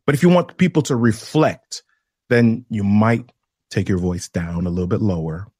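A man guesting on a podcast as a communication trainer, explaining things in a measured way with deliberate pauses. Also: lowish voice, darkish tone, no echo, studio quality. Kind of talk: instructive podcast conversation.

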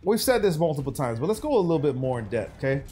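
Young man, gaming streamer, slangy banter, fairly high voice, faint background hiss. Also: big pitch swings, fast talker, warm tone. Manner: loose slangy banter with chat, swings between hype and low mutters. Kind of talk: casual gaming stream commentary.

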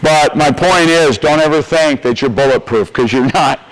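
Speaking at normal speed, an older American man motivates the audience at a coaches clinic in classic coaching fashion. His slightly high voice carries an emphatic, folksy tone, and he repeats his key points for emphasis; the recording is low quality.

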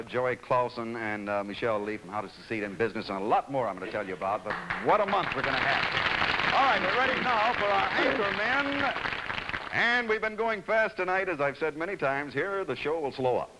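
A man hosting a 1960s television game show, bantering quickly and joking with the players. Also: on the high side, heavy background noise. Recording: 1960s TV studio audience. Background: studio audience.

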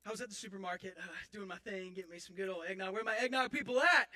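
A man's voice: high-pitched, very fast, sharp tone. A man playing a clumsy, boastful young man in a comic church skit, rambling and self-mocking with theatrical outbursts. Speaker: actor in a church Christmas skit. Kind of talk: comic stage monologue. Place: church stage. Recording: live church audience.

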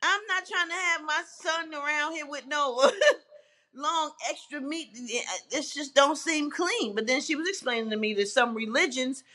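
A woman's voice: sits high, normal speed, pushed and bright. A woman guest talking candidly and bluntly, swearing and laughing as she goes. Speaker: interview guest. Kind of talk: casual, candid chat.

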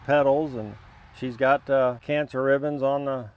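A man's voice: medium pitch, steady tone, unhurried, clear, resonant tone, muffled recording. A man being interviewed about his truck, answering in brief, agreeable replies. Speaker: guest truck owner. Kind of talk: casual interview chat.

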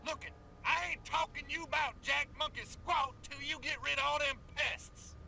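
An actor playing a crazy, cranky old hermit man with a gruff, suspicious manner. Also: very high voice, fairly even intonation, normal speed, bright, forceful tone, a little hiss or hum, full character voice. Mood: grouchy.

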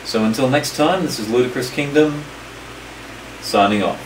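A man's voice: mid-range voice, normal speed, background noise. A man with an Australian accent narrating an explanatory video in a friendly, enthusiastic, instructive manner. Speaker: vlogger.

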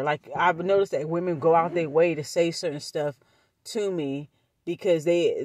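A woman vlogger telling a storytime, talking bluntly and profanely with animated energy. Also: deep voice, dry recording. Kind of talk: storytime vlog.

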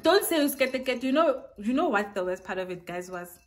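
A young South African woman with a lively accent tells a casual storytime, acting out what others said and mixing in local slang. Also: medium pitch, a little fast. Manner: animated, acts out quotes, mixes in local slang. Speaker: vlogger.

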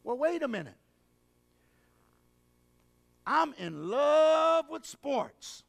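A man preaching at a revival in a large hall, his very high, gravelly voice ringing out over a long reverb. He stretches his phrases slowly, throws questions back at the congregation, and breaks into shouts. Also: sing-song. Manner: call-and-response preaching, drawn-out phrasing, bursts of shouting. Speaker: evangelist preacher. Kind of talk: revival sermon.

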